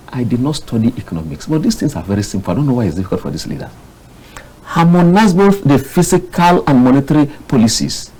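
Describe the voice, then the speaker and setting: A Nigerian man, a public affairs analyst, giving heated, exasperated commentary on a studio panel, his voice jumping to sudden high bursts. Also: dark tone, a little hiss or hum, poor audio.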